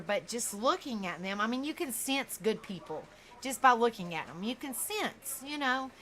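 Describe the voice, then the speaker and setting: A woman's voice: fairly high pitch, bright, forceful tone, a little hiss or hum. A woman hosting true crime reaction commentary, talking straight to her viewers, outspoken, often stumbling over words.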